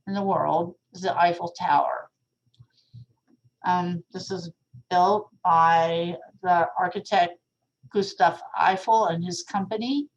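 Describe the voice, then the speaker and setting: A woman's voice: on the low side, low-quality recording. A woman lecturing on art history in a casual, chatty way, full of asides. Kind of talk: recorded classroom lecture.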